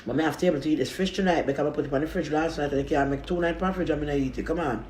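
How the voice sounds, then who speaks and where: A man's voice: fairly high pitch, rapid-fire, a little mellow, slight background noise. A man chatting casually to his viewers while eating, rambling from one thought to the next. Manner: chatty and rambling, talks with his mouth full between bites. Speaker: food vlogger. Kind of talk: casual eating vlog talk. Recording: echoey room.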